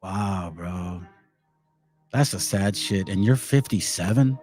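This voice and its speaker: A man's voice: deep voice, takes it slowly, darkish tone, faint music behind. A man in his forties ranting as channel host, confrontational and slangy. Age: 40s. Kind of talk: heated rant to a commenter.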